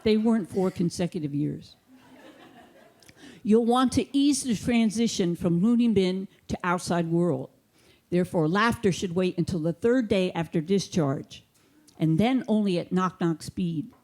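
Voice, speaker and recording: A woman performing a stand-up comedy set on a theater stage, delivering her jokes with a deadpan, mock-authoritative manner into a handheld mic. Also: fairly low pitch, a little slow.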